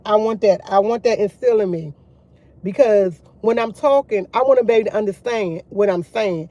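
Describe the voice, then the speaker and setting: A woman's voice: mid-range voice, brisk, warm tone, dull audio. A woman vlogger talking casually to her viewers about faith, rambling with many restarts and addressing them as y'all. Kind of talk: casual faith chat to camera.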